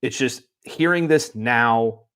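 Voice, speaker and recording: A man's voice: mid-range voice, slow, a bit bright, clear, resonant tone. A man co-hosting a sports talk show, talking casually and circling back on his points. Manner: rambling, many restarts and fillers.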